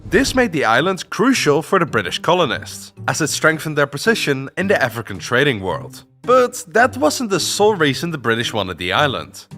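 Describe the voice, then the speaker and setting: Bright, playful male history narrator. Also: fairly high pitch, huge pitch swings, normal speed, few pauses, soft background music. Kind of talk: scripted narration for an animated history video.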